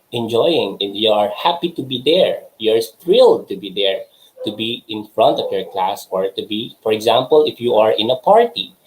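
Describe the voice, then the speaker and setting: A man's voice: fairly low pitch, low-quality recording. A young adult man from the Philippines teaching an online English lesson to young children, patient and hesitant, with many fillers.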